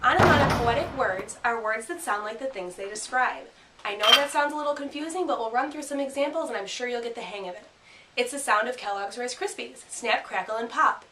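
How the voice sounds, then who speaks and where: A woman teacher giving a grammar lesson and reading a picture book aloud, speaking clearly and punching out the sound words. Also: a little high, a little fast, heavy background noise. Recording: roomy sound from a distant mic.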